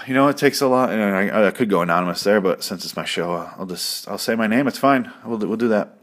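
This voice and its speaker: Male host, lower register, loose profane recap chatter. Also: lively intonation, normal speed, pauses often. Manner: rambling, profane and jokey. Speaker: podcast host. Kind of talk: casual recap chat.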